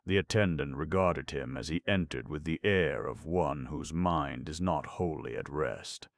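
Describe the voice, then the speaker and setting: A man narrating an audiobook in a measured, dry storytelling manner. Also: rumbling low. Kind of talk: scripted narration.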